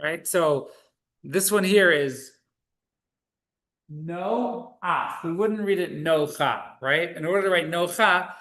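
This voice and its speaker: A man with a high voice, pushed and bright, instructs an online Hebrew reading class at a moderate pace over video call, patiently working through the syllables one by one.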